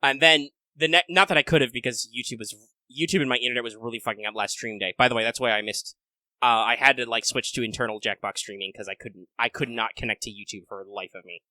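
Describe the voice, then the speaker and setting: A man with a bright, forward voice chats casually as a podcast co-host. His talk is animated and full of swearing. The sound is dry and close, with no room. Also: mid-range voice, no echo. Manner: animated, swearing, quick impressions. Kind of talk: casual chat.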